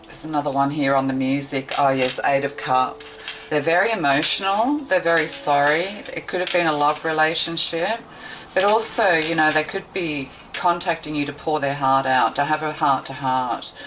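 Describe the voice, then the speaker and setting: A woman's voice: low-pitched, fairly even intonation, moderate pace, noisy background. A woman tarot reader giving a meandering, intuitive card reading, thinking aloud with many fillers.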